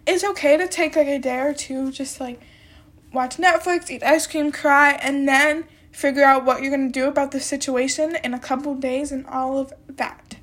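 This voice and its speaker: Young female podcast host with a high voice and a bit of a cold, talks in loose, rambling chat. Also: fairly even intonation, normal speed, a bit bright. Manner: rambling, chatty, heavy use of "like" and "um". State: has a little cold. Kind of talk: casual solo podcast talk.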